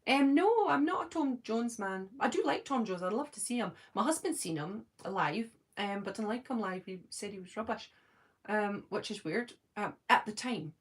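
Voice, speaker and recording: A woman's voice: medium pitch, husky. Chatty Scottish woman reading chat. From Scotland. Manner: chatty, talks fast when excited, frequent ums. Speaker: live-stream host reading chat. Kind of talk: casual live-stream chat.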